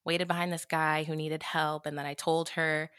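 Bright-voiced chatty woman podcast host. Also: sits low, moderate pace, clean tone, dry recording, clean studio sound. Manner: animated, chatty, swears casually, lots of "like". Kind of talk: casual storytelling in conversation.

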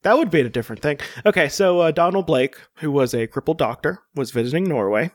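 A man chats casually about comics, wandering through his points with plenty of fillers and restarts. His voice sits a little high for a man. The recording is dry and close. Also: animated, fast talker, dry recording. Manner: rambling, many fillers and restarts. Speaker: podcast co-host. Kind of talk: casual comic-book chat.

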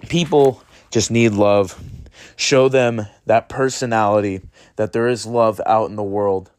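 A man's voice: fairly low pitch, steady tone, measured pace, darkish tone. A man hosting his own podcast, talking in an earnest, rambling way and swearing freely as he urges listeners toward kindness. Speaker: podcast host. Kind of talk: casual motivational monologue.

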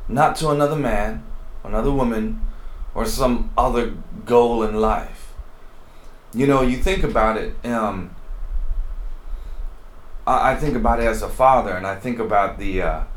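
A man's voice: medium pitch, unhurried, long pauses. A man giving a conversational, earnest devotional sermon and talking to his listeners with frequent asides. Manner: conversational, earnest, many asides like "you know". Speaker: preacher. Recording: roomy echo.

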